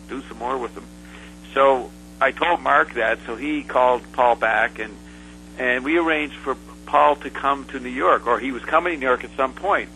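Bright-voiced man telling a rambling story. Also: medium pitch, gravelly, slight background noise, rough recording. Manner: rambling, halting, full of "uh" fillers and restarts. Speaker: interview guest. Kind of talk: casual storytelling.

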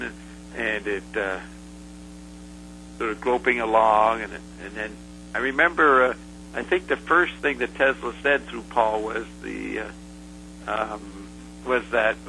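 Male guest, bright and forceful voice, rambling anecdote, lots of "uh", faint hum behind. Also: lowish voice, poor audio. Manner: rambling, halting, full of "uh" fillers and restarts. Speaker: interview guest. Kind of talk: casual storytelling.

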